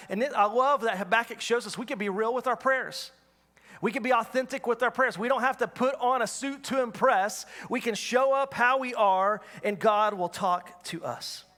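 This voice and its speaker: Male pastor, fairly high voice, earnest sermon with lots of repetition, long hall echo. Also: a bit bright. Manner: earnest, repetitive, asks the congregation questions. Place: church hall.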